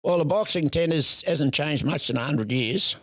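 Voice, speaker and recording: A man's voice: fairly high pitch, normal speed, fairly bright tone, no room sound, clean studio sound. An older man with an Australian accent, telling a rambling story as a guest in a casual interview. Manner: rambling yarn-spinner, acts out voices, laughs often. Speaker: guest, showman.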